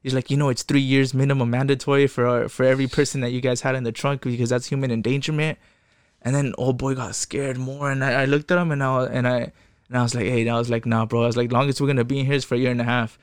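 A man's voice: medium pitch, flat delivery, quick pace, smooth, no room sound, clean studio sound. A young man telling his own story in casual talk, profane and rambling, acting out what others said. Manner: profane, quotes people in voices, rambling restarts.

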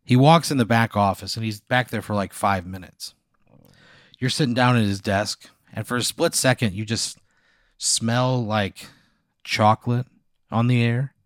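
A man running an improvised story, describing scenes in a vivid, deadpan way. His voice sits at a middling pitch. The sound is close and dry. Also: a little slow, no room sound. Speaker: game master.

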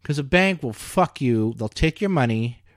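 A man's voice: mid-range voice, moderate pace, no echo, clean studio sound. A man in casual chat, telling stories animatedly and swearing freely. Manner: animated storyteller, acts out quoted voices, swears freely.

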